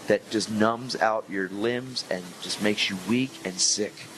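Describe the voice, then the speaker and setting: A man preaching a testimony, telling a story with animated energy and acting out the lines of the people in it. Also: on the low side, takes it slowly, noisy background.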